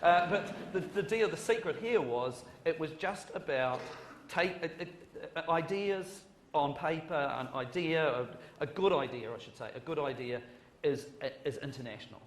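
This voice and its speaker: A man's voice: a little high, normal speed. A man with a New Zealand accent, a screenwriter on a conference panel, rambling with jokes and self-deprecating asides and often restarting his sentences. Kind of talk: panel discussion. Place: conference hall. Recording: echoey hall, faint noise.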